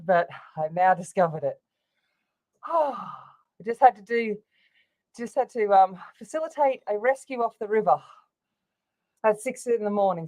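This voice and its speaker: A woman's voice: medium pitch, darkish tone. Chatty woman, slightly breathless. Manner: chatty, rambling, with many fillers. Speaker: livestream host. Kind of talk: casual livestream chat. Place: home craft room.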